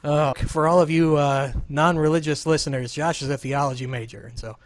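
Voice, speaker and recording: A man's voice: a little high, fairly even intonation, brisk, a little hiss or hum. A man hosting his podcast in a casual, joking, rambling, self-deprecating chat with a remote co-host. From Southern Illinois. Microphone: remote call setup.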